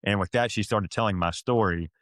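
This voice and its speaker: A middle-aged man from Florida, a podcast guest telling an emotional story in a halting way, full of fillers and restarts, and choking up at times. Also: fairly low pitch, fairly bright tone, no room sound. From Florida, USA.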